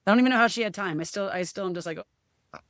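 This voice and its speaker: A woman's voice: mid-range voice, rapid-fire, a bit bright, no room sound, clean studio sound. A woman guest in a casual podcast chat, speaking candidly and emotionally, often quoting what others said. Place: podcast studio.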